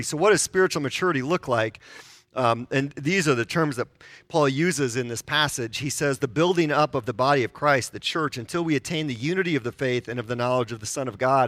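A man's voice: medium pitch, a bit bright, no room sound. A man in his forties preaching a sermon, conversational and self-deprecating, asking the congregation questions. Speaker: pastor.

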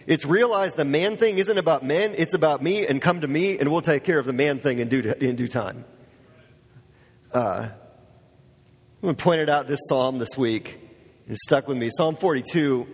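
Male pastor, fairly high husky voice, chatty sermon delivery, long hall reverb. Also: lively intonation, moderate pace. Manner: casual, conversational preaching with many fillers. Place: church.

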